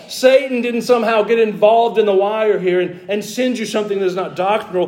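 A man preaching a sermon in a high voice. He slows for emphasis and drops in wry, folksy asides. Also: a little mellow. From American South. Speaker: pastor.

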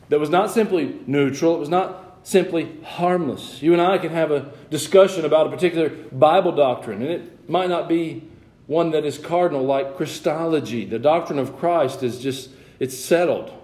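A pastor in his thirties preaches a sermon in a church sanctuary, chatty and joking before building to emphatic passages. His voice is medium in pitch and a little mellow. The room sounds echoey.

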